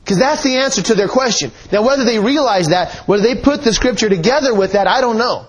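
Husky-voiced man preaching a sermon. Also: very high voice, fast talker, few pauses, low-quality recording. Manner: earnest, emphatic, rhetorical questions. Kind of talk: sermon with scripture reading.

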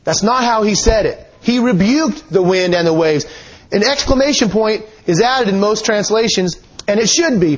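A man with a fairly high, husky voice delivers a sermon. He reads scripture passages aloud and presses his points with earnest, emphatic rhetorical questions. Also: lively intonation, normal speed, rough recording. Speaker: preacher.

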